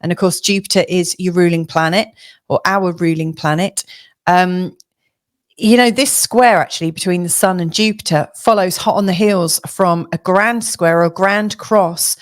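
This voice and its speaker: A woman astrologer giving a casual weekly forecast, chatty and hesitant, with a slightly hoarse voice. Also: lowish voice, normal speed. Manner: chatty, hesitant with many fillers and restarts. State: slightly hoarse, losing her voice.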